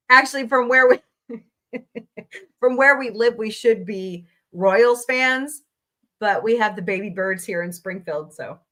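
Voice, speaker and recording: A middle-aged woman from the American Midwest hosts a casual chat podcast, rambling through stories and laughing often. Her voice sits on the high side with a sharp tone, and she speaks slowly with long pauses.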